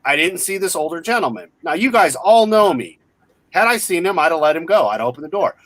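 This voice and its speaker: A man's voice: fairly high pitch, a little fast, no echo. A man in his forties telling a story in casual chat, blunt and full of swearing. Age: 40s. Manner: profane, blunt, animated retelling.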